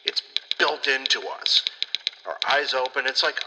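A man's voice: medium pitch, a little slow. A man hosting a casual solo podcast, rambling and blunt, swearing freely with lots of fillers. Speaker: podcast host. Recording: echoey room with clear background noise.

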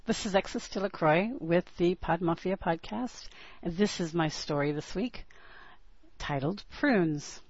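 A woman's voice: lowish voice, a little mellow, no room sound. A woman podcaster introducing and reading her own short story aloud. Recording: dull lo-fi podcast audio.

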